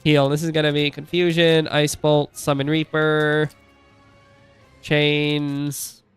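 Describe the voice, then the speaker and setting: A man's voice: fairly high pitch, completely flat delivery, slow pace, clean tone, faint music behind. A man in his thirties chatting casually on a live stream, rambling through asides and laughing often.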